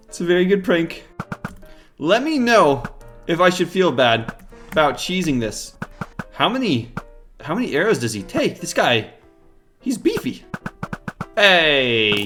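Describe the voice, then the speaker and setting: A man hosting his own video game series, talking through his play with animated, jokey, self-mocking commentary. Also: high voice. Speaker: Minecraft survival series host. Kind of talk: gameplay commentary.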